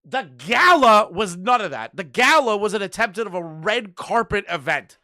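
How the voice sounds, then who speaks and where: Bright-voiced sarcastic male commentator. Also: sits high, sing-song, moderate pace, no room sound, clean studio sound. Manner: sarcastic, swings from loud to mumbling asides. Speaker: commentary channel host. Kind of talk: reaction commentary.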